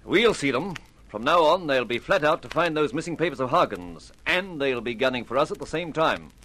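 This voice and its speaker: An actor playing a steady, practical squadron leader who talks briskly, in 1950s radio drama. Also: male voice, on the high side, low-quality recording. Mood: grim. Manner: brisk, matter-of-fact.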